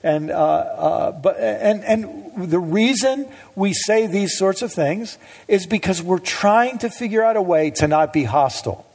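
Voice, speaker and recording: A man's voice: high-pitched, lively intonation, a little slow, vocal fry, darkish tone, slightly rough. A middle-aged man giving a conversational public talk with anecdotes to an audience in a hall, often hesitant with fillers and restarts, with a wry touch. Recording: long reverb of a hall.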